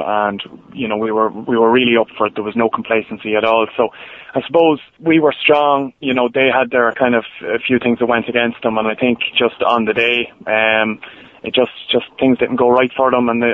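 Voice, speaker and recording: A man's voice: medium pitch, no echo. A man from Ireland, a guest footballer, talking easygoingly with many fillers and restarts over a phone line. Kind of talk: casual interview over the phone. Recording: dry, tinny phone line.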